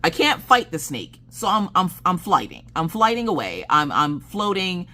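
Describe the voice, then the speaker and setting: A woman chatting casually on her craft channel, telling animated stories and laughing as she goes. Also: moderate pace. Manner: animated, acts out quoted dialogue with big pitch jumps. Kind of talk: casual chat storytelling.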